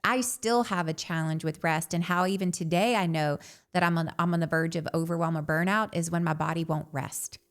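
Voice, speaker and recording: Animated woman telling a personal story. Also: lowish voice, brisk. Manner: animated, says "like" often. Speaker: podcast co-host.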